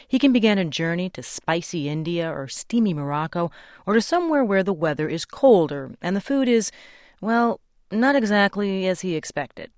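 A radio show host reading a scripted introduction in a smooth, measured way. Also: medium pitch, no echo, studio quality.

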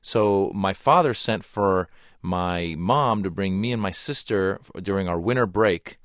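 Guest comedian from Iran, 40s, low voice, animated storyteller, dry studio sound. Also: male voice, a little slow, dry recording. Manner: animated storyteller, acts out quotes. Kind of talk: casual interview chat. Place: radio studio.

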